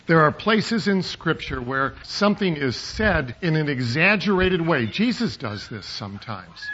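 Male pastor, conversational sermon with jokes; animated pitch, slightly raised voice, muffled recording. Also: a little hiss or hum. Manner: conversational and digressive, with humorous asides. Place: church sanctuary.

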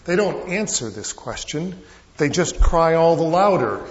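A man's voice: fairly high pitch, sing-song, a little slow. A male pastor preaching a sermon, telling stories with rising and falling emphasis. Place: church sanctuary. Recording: echoey church, dull lo-fi sound.

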